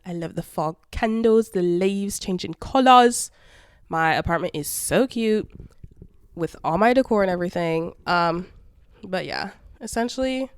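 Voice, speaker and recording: Her voice sits on the low side, clear and resonant, in clean studio sound without echo. The twentysomething host of a casual solo podcast, she talks through a stuffy nose and sore throat in a chatty, sassy way, calling listeners "babes" and "girl."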